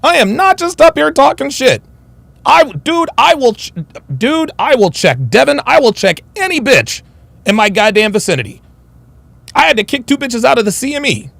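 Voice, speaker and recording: A man's voice: very high-pitched, sing-song, moderate pace, vocal fry, fairly bright tone, dry recording. A man hosting a livestream, reading super chats and ranting bluntly with heavy swearing. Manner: blunt, combative, swears heavily. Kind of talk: profane livestream rant.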